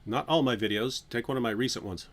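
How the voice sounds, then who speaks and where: A man's voice: mid-range voice, fast talker, a bit bright. A man hosting a livestream in casual chat, joking and teasing his co-host. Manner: joking, teasing, breaks into mock singing.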